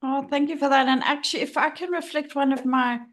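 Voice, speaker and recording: A woman's voice: sits high, fairly even intonation, a little fast, a bit bright. A middle-aged woman talking frankly and emotionally about her own struggles as a guest on a podcast, often laughing as she speaks. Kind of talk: candid personal conversation.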